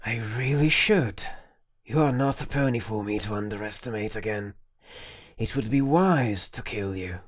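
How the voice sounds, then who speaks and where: A man voicing a calculating male pegasus operative who speaks low and controlled. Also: normal speed, no echo, studio quality, natural voice. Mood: cold calm. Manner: low, controlled, matter-of-fact.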